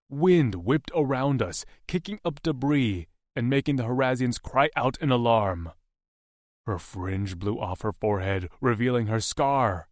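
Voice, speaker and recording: A man narrating a first-person fantasy audiobook in a measured, tense way. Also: medium pitch, no room sound, studio quality.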